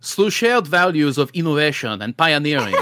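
A man's voice: fairly high pitch, very animated, very noisy, pitched below the performer's own voice. A man reading out a press release in an exaggerated, put-on French accent, stumbling and laughing as he goes. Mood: hammy. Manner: halting, laughing through the reading.

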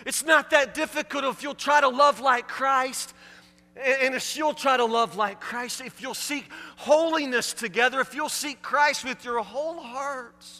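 A male pastor delivers a sermon in a strikingly high, bright voice. He hammers at his listeners with repeated rhetorical questions. His words ring out with a long reverb, as in a large church sanctuary. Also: unhurried. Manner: emphatic, repetitive rhetorical questions.

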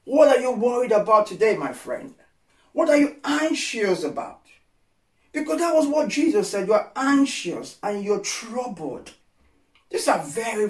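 A man preaching a sermon with passion, repeating phrases for emphasis and swinging from hushed, gentle lines to loud, pleading ones. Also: high voice. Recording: echoey sound from a distant mic.

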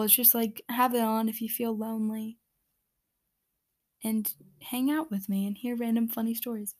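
A woman's voice: fairly high pitch, creaky. A woman hosting a casual solo podcast, reading out listener answers in a chatty, giggly, rambling way with many fillers and restarts. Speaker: podcast host. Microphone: podcast microphone.

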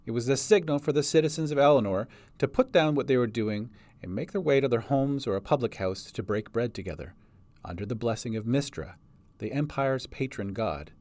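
A man's voice: mid-range voice, a little fast, darkish tone. A man reading a fantasy story aloud as narrator. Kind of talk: audiobook narration.

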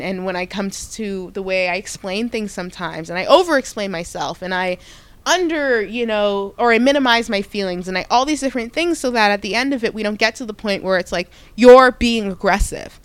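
A young woman hosting a podcast, telling a personal story in a casual, animated way with frequent restarts and self-corrections. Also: mid-range voice, fairly quick, clear, resonant tone, dry recording. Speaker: podcast host.

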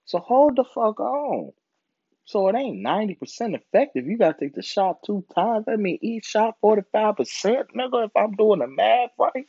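A man's voice: sits high, expressive, fairly quick, hardly any pauses, dark tone, husky, no echo. A young man ranting casually and with lots of profanity, often mocking people in put-on voices. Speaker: podcast host. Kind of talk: casual monologue. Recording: dull lo-fi sound, dry.

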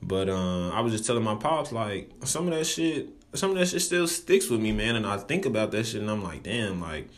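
A man's voice: fairly low pitch, very animated, brisk, few pauses. A young man talking casually to camera, loose and profane, rambling with frequent restarts.

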